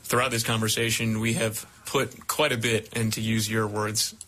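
Young guy broadcaster, bright sharp voice, earnest tribute to his mentor. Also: fairly low pitch, little pitch movement. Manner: earnest, deliberate. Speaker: baseball broadcaster interviewer. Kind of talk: interview questions and tribute.

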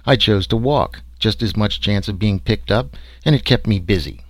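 A man's voice: on the low side, normal speed, dry recording, lightly acted. A man voicing a wry, sarcastic explorer recounting his trek. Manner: sarcastic, dry storytelling.

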